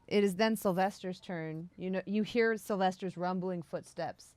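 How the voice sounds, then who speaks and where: Woman game master, lowish voice, measured narration, tabletop game. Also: a little mellow, no echo.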